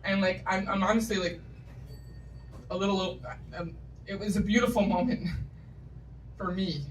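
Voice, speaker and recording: A woman's voice: mid-range voice, fairly even intonation, measured pace, a little hiss or hum. A woman doing a stand-up comedy set, telling wry, self-deprecating stories with punchy asides, from New England. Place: comedy stage before a live audience. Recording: live stage recording, mic from a distance, loud audience.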